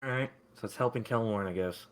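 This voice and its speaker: A man's voice: fairly low pitch, fast talker, poor audio. A man playing in an online tabletop game, laid-back and muttering as he clicks around. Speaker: player. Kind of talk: casual tabletop game chat.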